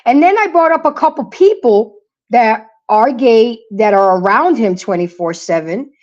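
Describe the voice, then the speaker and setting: A woman's voice: a little high, expressive, moderate pace, darkish tone. A middle-aged woman hosting a casual livestream, talking emphatically and preaching to her viewers while greeting the chat. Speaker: livestream host. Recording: lo-fi dull audio.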